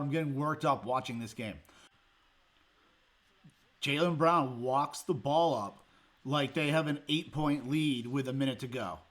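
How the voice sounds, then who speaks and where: A man's voice: medium pitch, unhurried, long pauses, a bit bright. A man hosting a sports show, breaking down a game in a heated, exasperated rant with sarcastic jabs. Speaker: sports podcast host.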